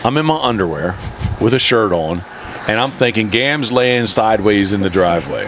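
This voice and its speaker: A man's voice: on the low side, animated, normal speed, background noise. A man co-hosting a podcast, chiming in with asides and wry remarks in casual chat. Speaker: podcast co-host.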